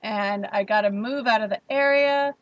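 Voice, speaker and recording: A woman streamer telling a story in a wry, animated way, laughing between lines. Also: a little high, moderate pace, dry recording. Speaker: livestream host. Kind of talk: casual storytelling. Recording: dull lo-fi stream audio.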